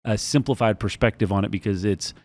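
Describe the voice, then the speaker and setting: A man's voice: lowish voice, fairly even intonation, darkish tone. A man co-hosting a business podcast who explains his ideas step by step and acts out the things people say. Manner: explanatory, measured, acts out quotes. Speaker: podcast co-host. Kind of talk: casual business chat.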